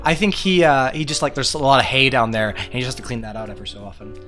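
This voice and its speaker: A man acting as game master on a tabletop game podcast, playful and quick to laugh. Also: medium pitch, steady tone, fairly bright tone, soft background music.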